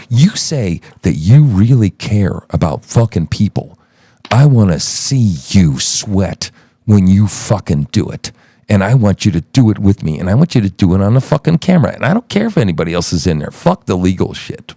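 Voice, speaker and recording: A man's voice: on the low side, big pitch swings, moderate pace, mellow, dry recording, clean studio sound. A man hosting a live audio chat room, berating and cursing at a guest in a heated argument. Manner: profane, angry, berating.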